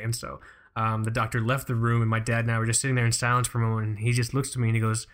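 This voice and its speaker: Young male podcast host; casual, profane, lively storyteller. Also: mid-range voice, very fast, slight background noise. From United States. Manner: profane, animated storytelling with laughs. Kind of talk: casual chat.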